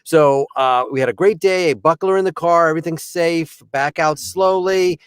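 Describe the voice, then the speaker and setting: A comedian with a notably high voice for a man, telling a story in quick, punchy sentences. He jumps into characters as he goes. The recording is dry and close, with no room sound. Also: clear, resonant tone, no room sound. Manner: animated, acts out characters, punchy short sentences. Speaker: comedian and voice actor. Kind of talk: stand-up storytelling on a podcast.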